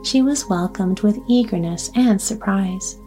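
Soft-spoken woman reading a bedtime story. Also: medium pitch. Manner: soft, slow and calm. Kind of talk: soothing bedtime story narration. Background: soft background music.

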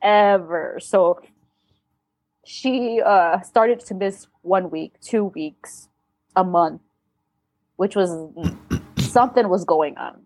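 A woman speaking as a podcast guest, telling a painful family story in a candid, blunt way, with halting restarts and some swearing. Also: medium pitch, a little mellow, no room sound. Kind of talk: emotional personal storytelling.

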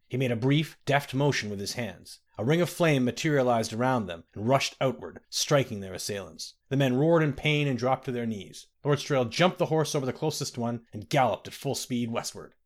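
A man narrating a fantasy audiobook in a steady, dramatic storytelling manner. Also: medium pitch, normal speed, hardly any pauses.

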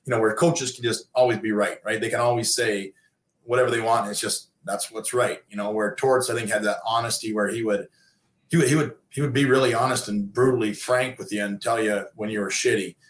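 A man in his fifties tells long stories in a loose, rambling way. His voice sits a bit low and he restarts often with fillers. The sound carries the echo of the room. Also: fairly even intonation, brisk. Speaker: interview guest, former pro hockey player turned coach. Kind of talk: casual storytelling. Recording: echoey room.

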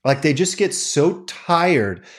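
Animated man explaining relationship psychology. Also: fairly high pitch, slow. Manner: animated, candid, swears casually. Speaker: podcast host. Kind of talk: casual explanatory monologue.

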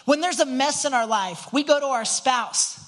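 A man's voice: very high-pitched, moderate pace, fairly bright tone. An earnest man preaching to his congregation in a loose, conversational way, leaning on rhetorical questions. He often restarts and repeats words as he thinks aloud, and he sounds like a pastor speaking in church on a Sunday morning. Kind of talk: conversational sermon.

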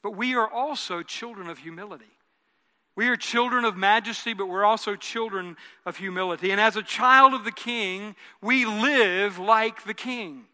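Bright, high-voiced man preaching in a reverberant hall. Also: normal speed. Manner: conversational preaching, leads the congregation in repeating phrases; repeats words and restarts phrases while building a point. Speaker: pastor. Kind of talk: sermon. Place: church sanctuary.

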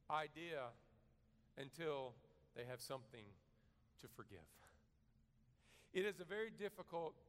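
A man preaching a sermon, earnest and measured, rising to loud emphasis and then dropping to a soft, quiet delivery. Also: a little high, long reverb tail. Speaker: pastor.

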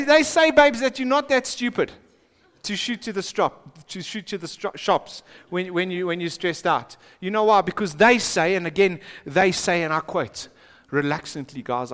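South African male pastor with a high-pitched voice, dramatic delivery, recorded in a large reverberant church hall. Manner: dramatic, swings from hushed to shouting. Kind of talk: sermon. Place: church auditorium.

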